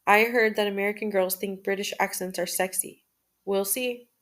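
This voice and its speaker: Sex: woman. Style: measured journal reading. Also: mid-range voice, fairly even intonation, a bit bright. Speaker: channel host reading a journal aloud. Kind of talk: first-person journal reading.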